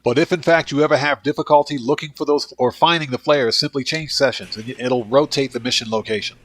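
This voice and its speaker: A man's voice: mid-range voice, a little fast. A man with a congested, fading voice hosting a gameplay livestream, chatting casually with viewers and thanking them by name. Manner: relaxed, talks to chat and thanks viewers by name. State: congested and losing his voice. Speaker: livestream host, gamer.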